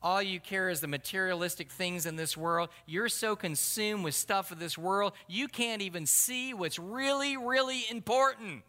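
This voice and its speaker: A man playing a calm male police officer who lectures in a measured, moralizing way. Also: sits high. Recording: long hall reverb.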